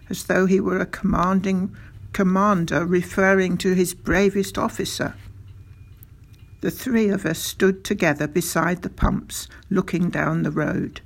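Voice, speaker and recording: A storybook narrator reading a first-person tale aloud at a slow, unhurried pace. The voice is gravelly and husky, settling into an even storytelling rhythm. Every line is given room to land. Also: medium pitch. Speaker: audiobook narrator.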